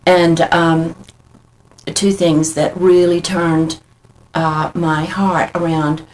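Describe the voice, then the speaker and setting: A middle-aged woman, a guest, telling her personal faith story in an earnest, halting, heartfelt way. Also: fairly low pitch, darkish tone, a little hiss or hum, poor audio.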